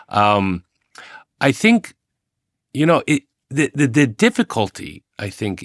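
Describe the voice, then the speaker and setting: An American man speaking as an interview guest, animated and quick to laugh. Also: lowish voice, dry recording, clean studio sound. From United States. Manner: animated, laughs often, acts out others' speech. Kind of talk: casual conversation.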